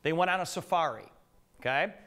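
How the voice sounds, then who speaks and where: A man's voice: on the high side, a little fast, fairly bright tone. A middle-aged man giving a live business presentation to an audience, telling joking stories and putting questions to the room.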